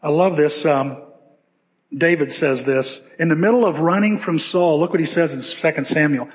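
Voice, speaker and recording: A male pastor preaching a sermon, telling stories in a lively conversational way in a church. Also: fairly high pitch, normal speed. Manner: conversational, animated storytelling. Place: church sanctuary. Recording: echoey church hall with long reverb.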